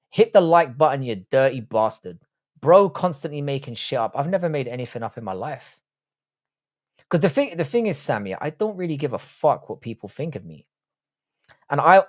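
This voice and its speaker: Irish man chatting on a livestream. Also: mid-range voice. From Republic of Ireland. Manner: profane, blunt, banters with chat. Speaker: livestream host reading chat. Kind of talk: casual livestream chat.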